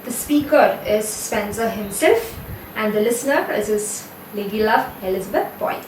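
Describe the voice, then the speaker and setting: A woman's voice: mid-range voice, normal speed, a little mellow, a little hiss or hum. A woman with an Indian English accent giving a recorded literature lecture, explaining steadily and correcting herself now and then. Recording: echoey room, voice from a distance, faint ambience.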